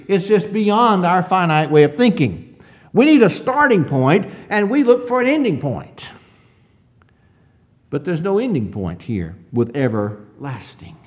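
A man with a voice that sits high preaches a conversational sermon, posing rhetorical questions to the congregation and reading scripture slowly.

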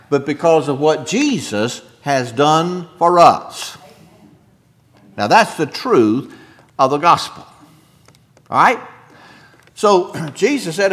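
Male pastor, unhurried sermon delivery, animated pitch, emphatic swells. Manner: emphatic preaching, dropping soft then rising loud; throat-clearing, chuckling asides to the congregation.

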